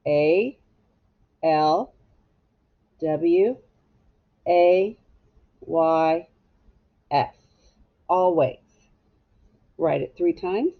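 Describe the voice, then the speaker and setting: A woman teacher giving a slow, patient phonics lesson to young children, spelling words out letter by letter. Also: sits low. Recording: dull lo-fi home video sound.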